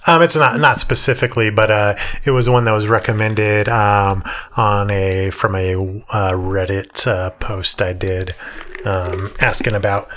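A man co-hosting a casual podcast with a weak, hoarse voice after a hospital stay, rambling with lots of fillers. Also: on the low side, steady tone, a little slow, a bit bright. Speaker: podcast co-host. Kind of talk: casual chat.

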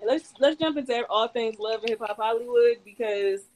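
A woman's voice: a little high, normal speed, slight background noise, rough recording. A woman co-hosting a casual podcast chat, sassy and dramatic. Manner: sassy, dramatic, sharp-tongued. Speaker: podcast co-host.

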